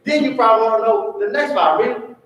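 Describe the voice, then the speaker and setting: Man, high voice, teaching a church Bible class; echoey room, distant mic. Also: brisk, fairly bright tone. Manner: call-and-response questioning. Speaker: Sunday school teacher.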